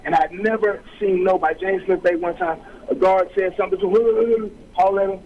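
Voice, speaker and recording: A man's voice: high-pitched, fairly even intonation, brisk, lo-fi sound, a little hiss or hum. A middle-aged man, a guest author, telling his story in an interview with streetwise slang, acting out quoted voices.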